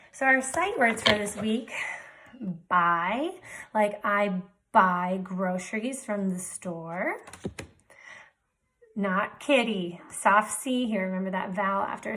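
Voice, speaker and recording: Slow, patient woman teaching young kids. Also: mid-range voice, fairly bright tone. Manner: slow, patient, sounding out letters and praising. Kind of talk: remote reading lesson for young children.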